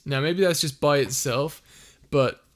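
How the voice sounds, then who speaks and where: A man's voice: a little high, measured pace. A young man casually chatting on a live stream, reading viewer comments aloud and laughing often. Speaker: streamer and audio creator.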